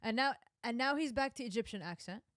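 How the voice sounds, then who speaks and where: A young woman streamer giving casual reaction commentary on film clips, animated and emphatic, with frequent asides. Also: on the high side, fast.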